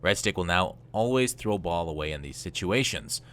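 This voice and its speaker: A man's voice: deep voice, expressive, moderate pace, fairly bright tone. A man co-hosting a casual gaming podcast, easygoing, asking questions and reading notes aloud. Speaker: podcast co-host.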